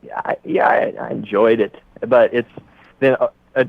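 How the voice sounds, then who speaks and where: Young man in his twenties, radio caller, flat low voice, halting, tinny phone line. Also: creaky, no echo. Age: 20s. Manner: halting, hesitant, quiet.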